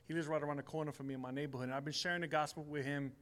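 A man's voice: a little high, steady tone, rapid-fire, fairly bright tone. A man in his forties sharing a heartfelt personal testimony at church in casual everyday speech, growing emphatic. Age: 40s.

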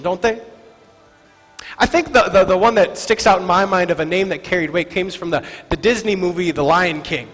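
A man's voice: sits high, a bit bright. A male pastor giving a sermon in a conversational way, often asking the congregation "right?" and laughing lightly, in a church hall. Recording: reverberant hall with faint music.

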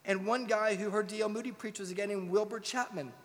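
A man preaching a sermon as pastor, firing rhetorical questions and swinging from loud urgency to hushed tones. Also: high voice, steady tone, brisk. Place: church sanctuary. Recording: long reverb in a large hall.

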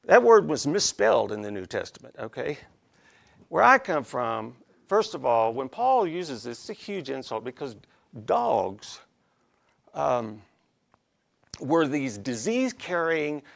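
A man's voice: mid-range voice, very animated, unhurried, vocal fry, fairly bright tone. A man preaching an expository sermon in a folksy, conversational way, often checking in with his listeners. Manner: folksy, conversational, frequent "okay?" check-ins.

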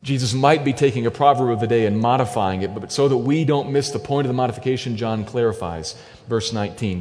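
A man's voice: mid-range voice, quick pace, a little mellow. Male preacher, mid-range voice, emphatic sermon delivery, long hall echo. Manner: earnest, emphatic preaching with dramatic quoted lines.

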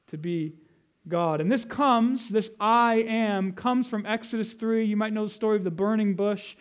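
A man pastor preaching a Sunday sermon, teaching from scripture and slowing down to stress key phrases. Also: high voice. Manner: emphatic, teaching, slows down to stress scripture quotes.

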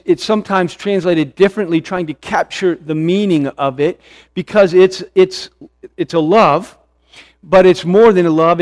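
A middle-aged man preaching a sermon, earnest, often repeating phrases for emphasis and slowing down to stress key words. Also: high-pitched. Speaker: pastor.

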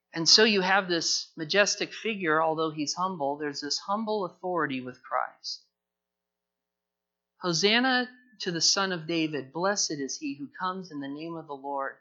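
A man preaching a sermon in an earnest, emphatic way, his voice high and bright with a forceful edge. He leans on repeated phrases as he builds his points. The recording sounds dull and lo-fi. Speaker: pastor.

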